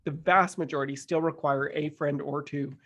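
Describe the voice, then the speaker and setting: Playful man with a slightly high voice. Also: fairly even intonation, normal speed, a bit bright. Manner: playful, teasing banter. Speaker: podcast co-host. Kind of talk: casual podcast chat.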